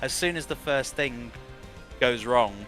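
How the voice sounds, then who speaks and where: A man's voice: mid-range voice, measured pace, fairly bright tone, faint music behind. A man who works as a voice director, giving long, rambling interview answers full of restarts.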